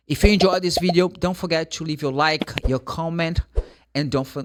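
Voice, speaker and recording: A middle-aged man from Brazil, a native Portuguese speaker with a Brazilian accent, giving a casual English lesson and slowly spelling words out letter by letter. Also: medium pitch, a bit bright. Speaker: English teacher.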